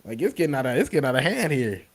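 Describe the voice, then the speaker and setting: A man's voice: medium pitch, very animated, very fast. A man co-hosting a wrestling podcast in casual, slangy banter, reading out viewer comments. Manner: laid-back slangy banter, reads chat comments. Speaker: podcast co-host.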